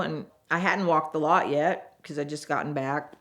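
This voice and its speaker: Low-voiced woman telling stories. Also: moderate pace, few pauses. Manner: animated, acts out quoted voices, frank and chatty. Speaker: former car saleswoman telling stories. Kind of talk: casual storytelling interview.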